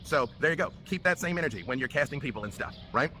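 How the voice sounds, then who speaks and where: A man's voice: on the high side, expressive, fast talker, bright, forceful tone, faint music behind. A man in a played clip bitterly recounting a personal dispute and a hard year.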